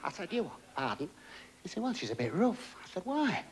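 A man doing a stand-up comedy routine on a theatre stage, with quick jokey patter and a running gag. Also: sits high, big pitch swings, a little hiss or hum. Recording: 1990s TV broadcast of a live theatre show. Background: audience laughter.

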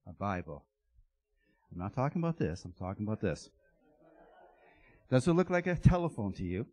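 A man's voice: fairly low pitch, darkish tone. A man giving a playful children's talk at a church service, asking the kids lots of questions. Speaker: guest speaker giving children's blessing. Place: church sanctuary.

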